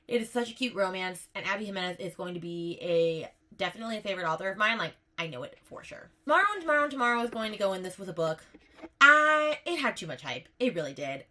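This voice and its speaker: A woman's voice: medium pitch, bright, forceful tone. A woman book vlogger chatting casually as she ranks books, gushing and emphatic, often tagging her lines with "okay?". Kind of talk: casual tier-ranking chat.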